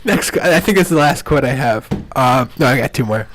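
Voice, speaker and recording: A man's voice: mid-range voice, animated, fairly quick, fairly bright tone, a little hiss or hum. A young man on a podcast, chatting casually and ranting about a classmate, laughing often and mocking people with put-on voices. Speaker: podcast co-host. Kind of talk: casual chat.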